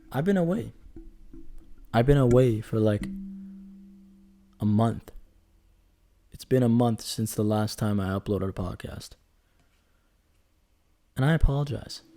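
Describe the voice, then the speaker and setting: A man's voice: mid-range voice, mellow. A man in his twenties talking through a casual solo podcast, rambling and chatty, joking as he goes and correcting himself. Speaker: podcast host.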